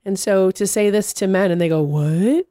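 A woman in casual conversation, telling animated stories and acting out what people said. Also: mid-range voice, a little fast, clean tone, no echo, studio quality. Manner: animated storyteller, acts out quotes.

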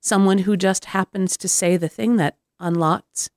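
A woman's voice: medium pitch, steady tone, normal speed, a little mellow, no echo, studio quality. A woman interviewer asking thoughtful questions and musing on spiritual ideas.

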